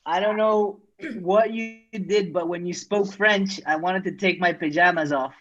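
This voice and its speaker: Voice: mid-range voice, unhurried, a bit bright. A host running an online comedy show over a video call, chatty and teasing. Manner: chatty, teasing, laughs easily. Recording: muffled video call audio.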